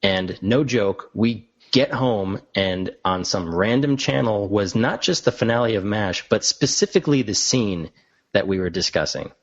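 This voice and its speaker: A man's voice: fairly low pitch, unhurried. A man co-hosting a podcast, telling a story in casual chat and laughing hard at it. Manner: animated storyteller, laughs hard at his own stories. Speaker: podcast co-host. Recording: dull lo-fi sound.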